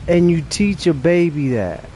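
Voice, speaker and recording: Slow-talking man streamer, higher voice. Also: big pitch swings, mellow, slight background noise. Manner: rambling, profane, with frequent restarts and laughs. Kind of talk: casual chat while streaming a game.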